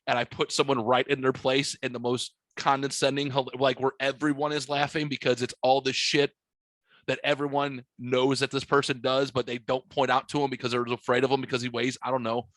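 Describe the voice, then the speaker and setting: A man hosting a podcast, telling a story in a boisterous, profane, animated way. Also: mid-range voice, fairly quick, no echo. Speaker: podcast host. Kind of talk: casual storytelling chat. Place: podcast studio.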